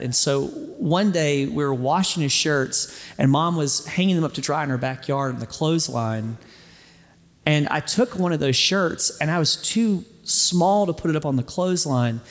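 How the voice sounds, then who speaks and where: A man preaching a sermon, telling a story earnestly and slowing down for emphasis before closing in prayer. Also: a little high, big-room sound. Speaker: pastor.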